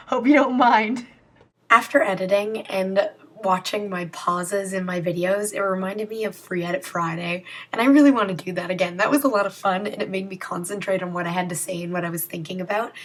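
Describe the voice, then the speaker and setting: A woman's voice: medium pitch, fairly bright tone. A young woman talking casually to her viewers in a rambling, self-mocking vlog. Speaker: vlogger. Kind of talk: casual vlog chat to camera.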